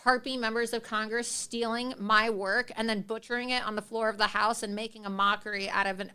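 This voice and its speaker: A woman's voice: mid-range voice, bright, forceful tone, smooth. A woman hosting a livestream of political commentary, speaking in a combative, sarcastic and scornful way. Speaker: host.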